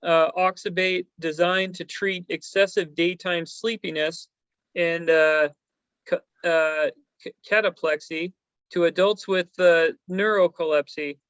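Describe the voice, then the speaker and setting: A man's voice: high voice, fairly even intonation, a little slow, a bit bright, clear, resonant tone, no room sound, muffled recording. A man hosting a stock news chat, talking casually and rambling with many fillers and hesitations. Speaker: stock show host.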